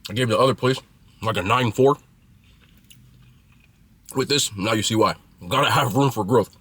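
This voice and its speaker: A man's voice: medium pitch, normal speed, a bit bright, husky. A man casually reviewing food he is eating, chatty and blunt, with loose slangy talk.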